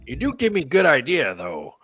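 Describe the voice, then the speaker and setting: A man's voice: on the high side, wildly swooping pitch, normal speed, bright, forceful tone, breathy edge, no room sound, faint music behind. A man playing a tabletop game in character, wry and easygoing with a joking manner. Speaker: player. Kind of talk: in-character tabletop role-play.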